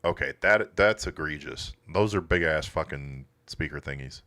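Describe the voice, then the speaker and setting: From his auto shop, a man with a bass voice hosts a casual classic car livestream, speaking at a moderate pace in a pushed, bright tone. His live commentary is blunt, laid-back shop talk full of swearing.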